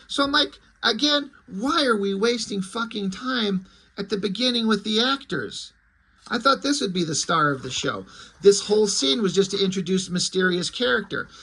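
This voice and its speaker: Sarcastic high-voiced man reviewing a comic. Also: vocal fry, pushed and bright, husky. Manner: sarcastic, profane, rambling. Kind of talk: casual comic review commentary.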